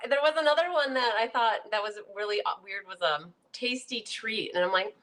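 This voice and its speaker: A woman guest crafter on a live show, chatting casually in a relaxed, easygoing way and laughing often. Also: fairly high pitch, a little fast. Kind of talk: casual chat.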